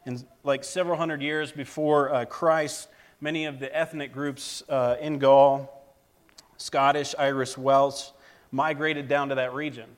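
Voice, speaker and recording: A man's voice: mid-range voice, level tone. Plainspoken man preaching a sermon. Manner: plainspoken, halting, many fillers and restarts. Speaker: lay preacher.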